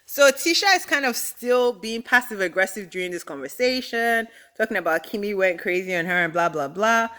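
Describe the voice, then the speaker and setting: A young adult woman giving a casual reality TV recap, animated, exasperated and full of slang. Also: lowish voice.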